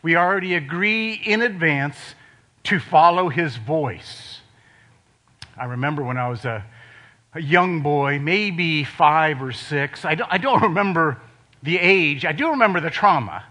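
An older man from Ohio preaching a sermon in a conversational way, dropping suddenly to quiet emphasis on key words. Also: on the high side, lively intonation, unhurried. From Ohio, USA.

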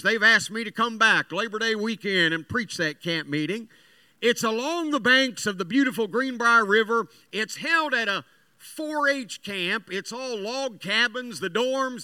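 A man preaching with a very high, sharp and bright voice, unhurried in his delivery. He mixes folksy stories with earnest, emphatic points. The sound is dry and close. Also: no room sound. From West Virginia. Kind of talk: sermon.

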